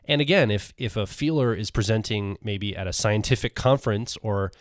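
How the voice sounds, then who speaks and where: A man co-hosting a podcast, talking in a relaxed way and adding caveats to the discussion. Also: lowish voice, normal speed, no echo, clean studio sound. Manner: relaxed, adds caveats and qualifications. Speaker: podcast co-host. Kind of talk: casual podcast talk.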